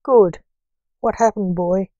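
Woman voicing a cranky older male doctor, impatient, snappy complaints, slow mellow delivery, dry sound, storybook reading. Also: mid-range voice, dry recording, highs cut off, close to an everyday voice. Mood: alarmed.

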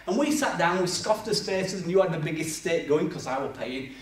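Male preacher, animated storyteller, recorded from afar in a reverberant hall. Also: a little high, brisk, slight background noise. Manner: lively storytelling with acted-out voices and humor. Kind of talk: sermon. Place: church hall. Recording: echoey church hall from far off.

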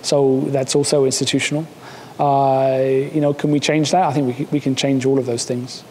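Man, seminar speaker, chatty and wry, restarts a lot; roomy lecture-hall sound, faint rumble. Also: level tone, normal speed, a little mellow. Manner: casual, joking, many fillers and restarts. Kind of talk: academic seminar talk.

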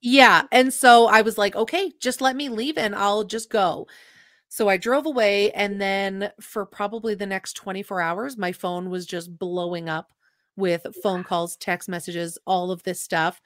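A young adult woman speaks as a podcast guest, retelling her own story with earnest emotion. She slips into quoted dialogue as she goes. Her voice sits at an ordinary middle pitch and is recorded close and dry, with no room sound. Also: steady tone, unhurried, a bit bright, no room sound. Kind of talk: personal storytelling in an interview.

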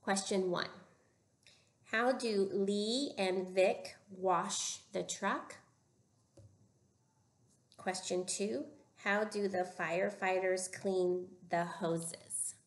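A woman teaching a recorded phonics lesson to young children, giving slow, clear prompts with pauses for them to answer. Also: medium pitch, fairly even intonation. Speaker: reading teacher.

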